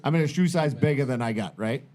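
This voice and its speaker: Profane rambling storyteller. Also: male voice, medium pitch, lively intonation, fast, darkish tone. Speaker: podcast host. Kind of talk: casual storytelling chat.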